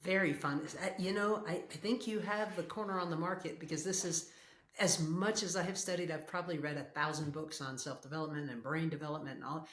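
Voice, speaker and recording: A woman's voice: sits low, steady tone, fairly quick, fairly bright tone, echoey room. A woman hosting a podcast, asking enthusiastic questions with frequent restarts. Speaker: podcast host. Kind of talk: conversational interview.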